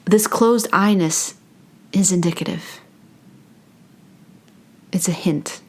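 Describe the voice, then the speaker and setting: A woman's voice: fairly low pitch, slow, breathy edge. Playful woman with whispered asides. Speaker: spiritual channeler and meditation host. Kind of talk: casual channeling talk to camera.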